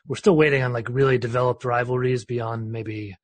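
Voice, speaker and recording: A man's voice: mid-range voice, steady tone, brisk, dry recording. A man hosting a casual sports podcast, talking in a discursive way with frequent restarts. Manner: discursive, lots of restarts and fillers. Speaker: podcast host.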